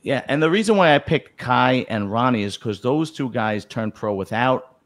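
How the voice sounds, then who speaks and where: A man's voice: mid-range voice, animated, normal speed. A man hosting a casual chat, talking bluntly and profanely, rambling with many restarts. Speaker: host.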